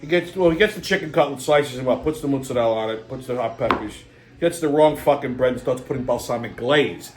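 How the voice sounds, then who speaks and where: In a comedic rant, a male comedy show host goes off in a brash, profane, exasperated way. His mid-range voice moves fairly quickly, with background noise and faint music in an echoey room.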